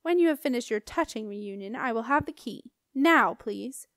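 A woman's voice: a little high, expressive, moderate pace, a bit bright, dry recording. Cold bossy guardian lady read by a woman, threatening, dry close sound. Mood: menacing. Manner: cold, commanding. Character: cold, menacing tall female guardian.

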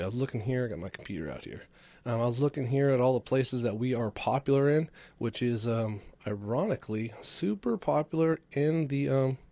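A man's voice: mid-range voice, darkish tone, no room sound. A man from California hosting a comedy podcast alone, rambling loosely through filler words and swearing as he talks to camera. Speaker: podcast host. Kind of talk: casual comedic monologue.

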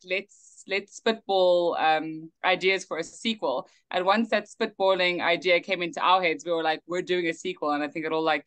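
A young South African actress chatting with laughter and animated stories in a video call interview. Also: female voice, fairly low pitch. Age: young adult. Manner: bubbly, laughing, animated storytelling. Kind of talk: casual interview chat.

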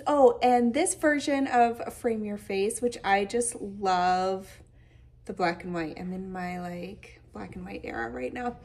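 A woman's voice: medium pitch, unhurried. A woman hosting a casual knitting podcast, chatty and enthusiastic, her voice a little tired and hazy. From Michigan. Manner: chatty, warm-hearted, enthusiastic with fillers. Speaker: podcast host. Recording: voice a bit distant from the mic.

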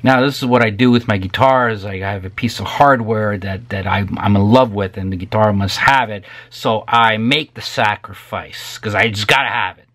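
Speaking at normal speed in a lowish, steady, somewhat bright voice, a middle-aged luthier selling guitar stands talks unscripted to the camera. His delivery is a heated rant full of repeated words for emphasis.

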